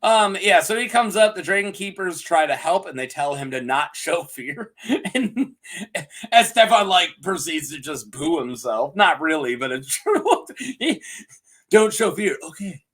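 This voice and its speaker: A man's voice: fairly high pitch, expressive, unhurried, a bit bright. A man casually recapping a TV episode from a script, joking and laughing often, with lots of ums. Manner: giggly and joking, full of ums and asides. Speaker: TV show reviewer.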